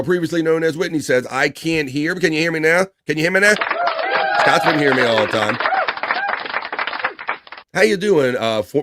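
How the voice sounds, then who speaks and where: A man hosting a casual livestream, reading viewer chat shout-outs aloud with laughs and loose swearing. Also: mid-range voice.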